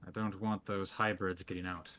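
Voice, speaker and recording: A man's voice: sits low, level tone, normal speed, bright, forceful tone. A man voicing a stern male mad-scientist boss who gives curt orders. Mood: commanding.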